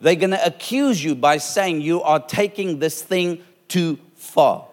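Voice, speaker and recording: A middle-aged male pastor preaching to his congregation in a slightly high voice, hammering each point with repetition. His words ring out with a long reverb from the church hall around him. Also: measured pace. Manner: emphatic preaching with repeated phrases and rising force. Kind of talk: sermon.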